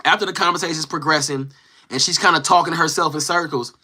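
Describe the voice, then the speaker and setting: Brief: slangy male storyteller, voice a bit high, sharp and forceful, acts out others' lines. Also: fast. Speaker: live-stream host. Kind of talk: casual storytelling.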